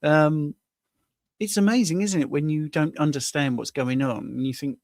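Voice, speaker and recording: Brief: male guest, slightly higher pitch, gravelly, dry close sound, jokey. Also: moderate pace, darkish tone, dry recording. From England. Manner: jokey, laughs often. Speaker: guest coach. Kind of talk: casual live-stream chat.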